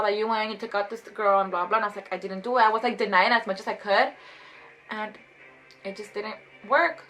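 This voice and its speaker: A woman in her twenties telling a casual storytime vlog, chatty and animated, saying "like" constantly. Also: mid-range voice, poor audio. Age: 20s. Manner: chatty, fast, heavy use of "like", animated retelling. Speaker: vlogger.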